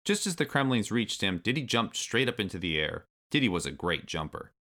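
A man narrating a children's storybook aloud with expressive delivery. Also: fairly low pitch, brisk.

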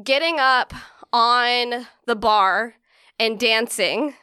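Bright, crisp woman telling a rambling story. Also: on the high side, very slow, no echo, clean studio sound. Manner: rambling storyteller, many ums and likes, laughs often. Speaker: comedian guest. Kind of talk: casual podcast chat.

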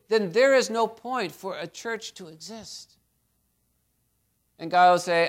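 Animated high-voiced male preacher. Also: a little slow, pauses often. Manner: storytelling, animated preaching with swings in loudness. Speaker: pastor. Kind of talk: sermon.

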